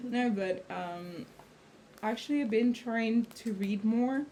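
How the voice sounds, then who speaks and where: A woman's voice: a little high, takes it slowly, mellow, slight background noise. Chatty woman co-host. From Italy. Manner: chatty, with frequent fillers and self-corrections. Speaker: podcast co-host. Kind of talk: casual chat.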